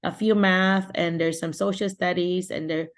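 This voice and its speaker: A middle-aged woman from the Philippines with a fairly low voice leads a casual online session over a video call. She talks in a loose, rambling way, often restarting sentences and leaning on fillers. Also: fairly even intonation, moderate pace. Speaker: host of an online teacher support session.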